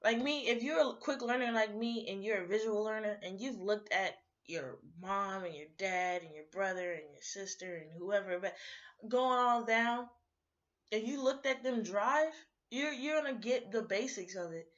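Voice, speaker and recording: A young adult woman vlogger in a rambling, animated casual rant, sounding sleepy. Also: mid-range voice, normal speed, muffled recording.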